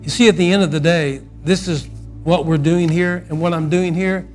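Animated preacher man, fairly high. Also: normal speed, faint music behind. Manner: animated storyteller, rising loud for quoted outbursts, dropping soft for the point. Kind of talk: sermon storytelling.

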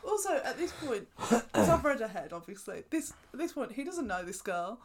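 A woman co-hosting a casual chat, lively and teasing, laughing often. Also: fairly high pitch, normal speed, slight background noise. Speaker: podcast co-host.

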